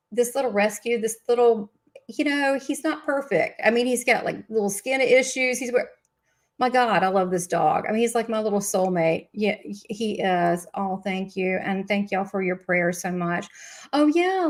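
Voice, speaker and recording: A woman's voice: mid-range voice, normal speed. A woman with a Southern US accent hosting a live spiritual show, chatting in a gushing, rambling way with many asides. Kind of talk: casual live-stream chat.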